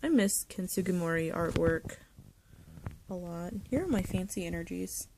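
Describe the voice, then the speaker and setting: Chatty young woman with a gravelly edge. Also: lowish voice, lively intonation, moderate pace, noisy background. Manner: chatty, nostalgic, drifting into soft whispers. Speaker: vlogger showing a card collection. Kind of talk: casual chat. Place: bedroom.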